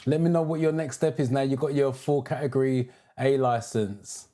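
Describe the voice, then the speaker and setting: A man's voice: mid-range voice, fairly even intonation, normal speed, dark tone. A British man who teaches driving theory, hosting a live stream: he greets viewers by name, reads out their comments and gives advice.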